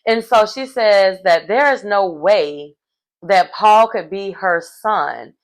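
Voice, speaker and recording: A woman's voice: mid-range voice, slow pace. A woman giving casual recap commentary on a reality TV episode, chatty and slangy with wry asides.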